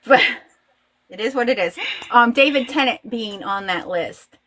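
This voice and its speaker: A woman guest in a casual chat, a lively storyteller who acts out quoted voices. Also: a little high, unhurried.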